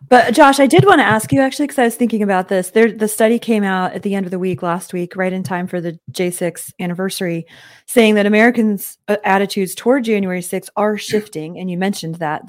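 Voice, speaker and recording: A woman co-hosting a political talk show, asking questions in a conversational way. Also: medium pitch.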